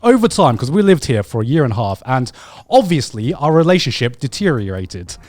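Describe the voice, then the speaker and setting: A man co-hosting a podcast, telling a story in casual chat, animated and swearing freely. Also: mid-range voice, fairly quick, no room sound, soft background music. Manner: animated, swears a lot, acts out quotes. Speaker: podcast co-host.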